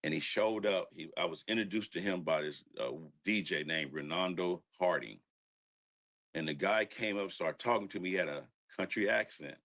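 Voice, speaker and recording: An older man, a record producer, telling stories from his early studio days in a relaxed interview, laughing and acting out what people said. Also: low-pitched, moderate pace. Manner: laid-back storyteller who laughs and acts out quotes. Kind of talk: storytelling interview.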